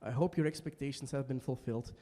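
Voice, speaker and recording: A young man performing an emotional solo stage monologue in a small basement venue, swinging between quiet and shouting. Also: medium pitch, fast, long reverb tail. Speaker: stand-up performer.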